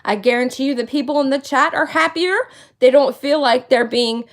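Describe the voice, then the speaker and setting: A woman's voice: high voice, moderate pace, a bit bright. A woman in her late thirties hosting a casual livestream, venting with indignant, emphatic talk and repeating her points for emphasis. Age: 30s. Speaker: livestream host.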